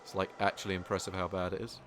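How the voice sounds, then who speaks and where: A man's voice: low voice, level tone, quick pace, fairly bright tone, a little hiss or hum. A man giving casual, joking commentary while speedrunning a game, teasing other players and swearing now and then. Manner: joking, mocking, swears casually, many fillers.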